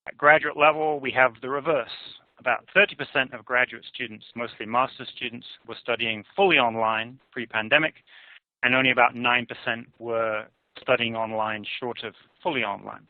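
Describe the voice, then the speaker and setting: A man's voice: medium pitch, steady tone, no room sound. Guy giving a careful talk on survey data, sounds like a phone line, dry. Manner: measured, analytical, hedges with "I would argue". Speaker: conference presenter. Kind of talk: presentation on survey findings. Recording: tinny phone-like dry audio.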